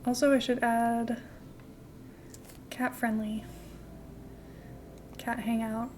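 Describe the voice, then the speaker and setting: A young adult woman streaming a game from home, chatting in a rambling, casual way and cooing softly at her cat now and then. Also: fairly high pitch, flat delivery, slow, a little hiss or hum. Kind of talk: casual live-stream chat while gaming.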